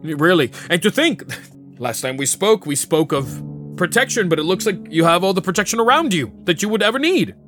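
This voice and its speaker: A man's voice: sits high, very animated, fairly quick, fairly bright tone, faint music behind, pitched above the performer's own voice. A man doing a fervent, persuasive envoy. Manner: pleading, then rising into fervent speech. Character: impassioned male envoy, persuasive, grows loud.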